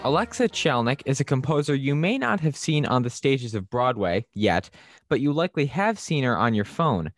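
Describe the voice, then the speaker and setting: A young podcast co-host chats in a relaxed, agreeable way and reads out a guest introduction. The voice sits in a middle pitch. The sound is close and dry. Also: no room sound. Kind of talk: casual podcast chat, read guest introduction.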